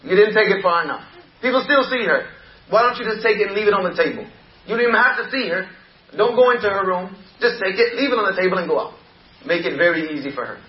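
A man's voice: high-pitched, animated, quick pace, reverberant, muffled recording. A man voicing Shaitan, coaxing devil. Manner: coaxing, persuasive questioning. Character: scheming male devil whispering temptations.

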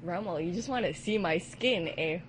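A woman's voice: fairly low pitch, normal speed, background noise. A woman co-hosting a casual radio chat show, teasing and giggling a lot.

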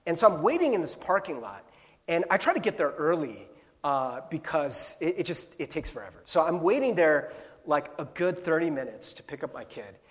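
A middle-aged male pastor preaching a casual, storytelling sermon, chatty and laughing, breaking into bursts of yelling as he retells his own anecdotes. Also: fairly high pitch. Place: church sanctuary. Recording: long hall reverb.

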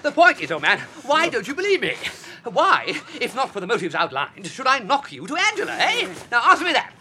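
An actor playing a flustered young gentleman, stammering and laughing nervously as he talks his way out of trouble. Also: mid-range voice, wildly swooping pitch, brisk. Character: flustered young upper-class gentleman, chatty and evasive. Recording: faint noise and clicks.

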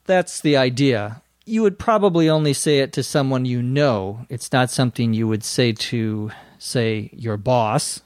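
A man with a medium-pitched voice hosts a podcast for English learners, patiently walking through vocabulary as a teacher explaining a lesson. There's a touch of dry humour, and the audio has no room sound.

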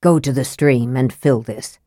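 A woman's voice: unhurried, no echo, studio quality. Raistlin, a woman doing a cold scornful mage. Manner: cold, scathing, soft and low. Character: cold, sickly young male mage, scornful.

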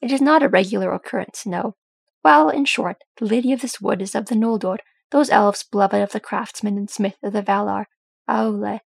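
A grim, weary ranger, read by a woman, speaking gravely and measuredly as he tells an old tale. The voice is rough with fry and a touch husky. It is a close, dry audiobook reading. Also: medium pitch, moderate pace, dry recording.

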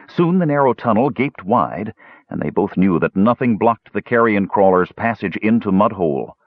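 A man reading a fantasy audiobook with expressive storytelling, in a slightly dull recording. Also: low voice, no room sound. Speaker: audiobook narrator. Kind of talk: scripted audiobook narration.

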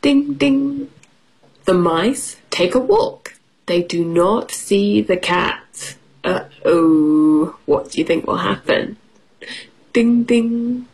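A woman's voice: fairly low pitch, slow pace, a little mellow, husky. A woman teaching English on the radio, reading a children's storybook playfully, with sound effects and questions for the children.

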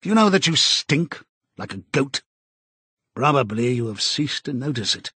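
A man voicing a cold, commanding male interrogator who speaks in a slow, measured, contemptuous way, with a husky voice. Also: mid-range voice, sing-song, sharp tone, no echo, exaggerated voice.

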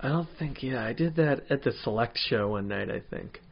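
A man's voice: mid-range voice, expressive, a little fast, vocal fry, dull audio. A man, a stand-up comedian, chatting casually and rambling with many fillers. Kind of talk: casual chat.

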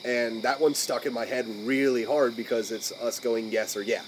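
A man in mid-pitch range chats loosely on a podcast, cursing freely as he rambles. He often trails off and restarts while hunting for the right phrase, and a faint hiss sits under his voice. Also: steady tone, normal speed, poor audio. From United States. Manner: rambling, profane, searching for words. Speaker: podcast co-host. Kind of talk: casual podcast chat.

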